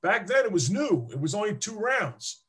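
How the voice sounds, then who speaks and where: A husky, high voice at a moderate pace belongs to a former football player being interviewed. He tells emotional stories casually and with animation, playing out the scenes himself.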